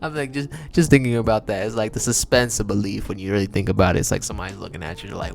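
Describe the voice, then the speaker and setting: A man's voice: lowish voice, fairly even intonation, very fast, gravelly, few pauses, a little mellow, faint music behind. A man hosting his own podcast, talking in a laid-back, chatty way with slang and frequent laughs. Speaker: podcast host and singer. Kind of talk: casual solo podcast monologue.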